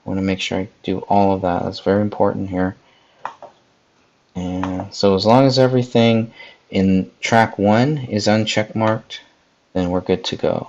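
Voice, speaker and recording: A man with a low, gravelly voice leads a live editing tutorial, casually explaining each step as he goes. He chats with viewers in the live chat while he works. The recording sounds dull and lo-fi. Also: fairly even intonation, measured pace, a little mellow. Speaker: podcast host.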